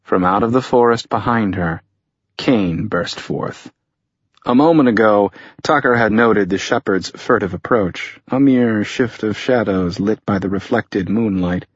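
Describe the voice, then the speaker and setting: A man narrating a thriller audiobook in a measured, tense storytelling manner. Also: lowish voice, husky, no room sound. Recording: dull lo-fi audio.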